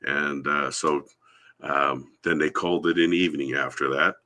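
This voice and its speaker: A man's voice: very deep voice, steady tone, moderate pace, sharp tone. A man from the Yakama Reservation in Washington, telling a long rambling story as a podcast guest over a remote call. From Yakama Reservation, Washington, USA. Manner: rambling anecdotal storytelling, acts out quoted voices. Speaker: guest, Sasquatch researcher. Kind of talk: storytelling in a live podcast interview.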